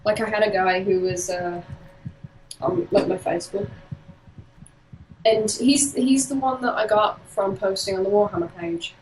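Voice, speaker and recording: A woman from the UK casually chatting on an art stream, telling animated stories and acting out quotes. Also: medium pitch, measured pace, long pauses, crowd noise, low-quality recording. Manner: animated storyteller, acts out quotes and laughs often. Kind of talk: casual chat while drawing.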